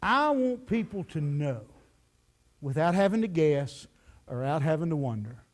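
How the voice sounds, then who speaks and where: Animated male pastor preaching. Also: fairly high pitch, moderate pace. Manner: animated storytelling with frequent "you know" fillers. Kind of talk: sermon. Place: church sanctuary.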